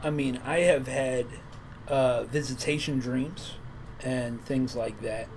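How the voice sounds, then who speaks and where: A psychic medium co-hosts a casual stream from home. His voice is low and gravelly, and he speaks in an easygoing way, often with short agreeing replies, over a faint hiss. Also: steady tone, slow, darkish tone. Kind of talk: casual live-stream chat.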